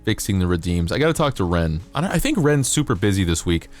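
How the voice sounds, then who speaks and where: A male streamer chatting casually with his viewers, rambling and playful, sometimes jumping into high silly voices. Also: sing-song, fast talker. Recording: faint music behind.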